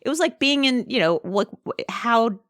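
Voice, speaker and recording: Animated woman telling a story. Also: a little high, moderate pace, dry recording, studio quality. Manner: animated storyteller, laughs through her words. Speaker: podcast co-host. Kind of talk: casual chat.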